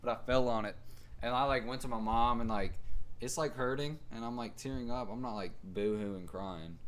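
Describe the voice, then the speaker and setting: A man's voice: mid-range voice, moderate pace, a bit bright. A young man chatting casually as a podcast co-host, telling a rambling story in a laid-back way. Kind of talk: casual chat.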